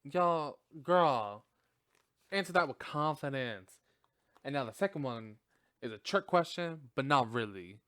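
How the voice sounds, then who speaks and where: A man hosting a podcast, reviewing a film in casual chat, profane and animated, laughing often. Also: medium pitch, measured pace, no echo, studio quality. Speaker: podcast host.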